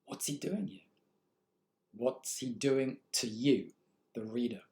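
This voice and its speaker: A man's voice: medium pitch, slow, a little mellow. A man lecturing on literature, thinking aloud and posing rhetorical questions to his students. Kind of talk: recorded lecture. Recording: echoey room.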